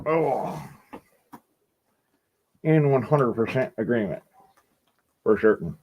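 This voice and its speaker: A man's voice: mid-range voice, lively intonation, slow pace, lo-fi sound, a little hiss or hum. A man hosting a livestream, chatting casually to viewers in a rambling, profane way and laughing often. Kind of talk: casual rant to a live chat.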